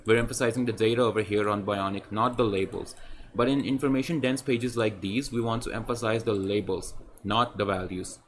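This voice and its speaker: A man's voice: fairly low pitch, fairly even intonation, a little fast, slight background noise. A man teaching web design while walking through a website on screen, talking in a conversational way that repeats points and keeps adding "right?". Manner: conversational, repetitive, often adds "right?". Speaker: design tutor. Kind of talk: screen-share tutorial.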